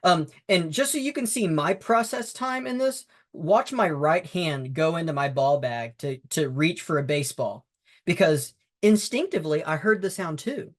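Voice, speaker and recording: A man's voice: a little high, expressive, moderate pace. A man teaching baseball umpires, talking them through game footage in a conversational, emphatic way with frequent fillers and restarts. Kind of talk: instructional talk over game footage.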